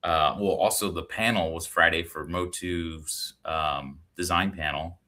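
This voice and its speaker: A man co-hosting a casual livestream chat, relaxed and laughing often, with many fillers. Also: low voice, measured pace. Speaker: co-host.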